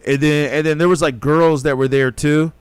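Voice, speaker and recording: A man's voice: fairly high pitch, steady tone, normal speed, smooth, no room sound. A man hosting a podcast, telling a story casually in a rambling, profane way and acting out what people said. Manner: rambling, profane, acts out quotes. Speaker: podcast host.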